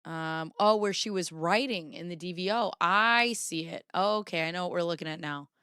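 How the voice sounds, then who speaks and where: A woman's voice: lowish voice, normal speed, pushed and bright, clear, resonant tone, no room sound, studio quality. A woman host in casual commentary, rambling and apologizing to herself while she compares handwriting on screen. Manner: rambling, self-interrupting, apologetic asides.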